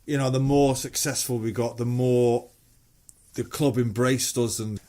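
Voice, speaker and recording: A man's voice: mid-range voice, unhurried. Mancunian man, middle-aged, casual storytelling, swears a lot, voices other people. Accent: Mancunian English. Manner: swears freely, animated storytelling with quoted voices. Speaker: musician guest. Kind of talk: casual anecdote telling.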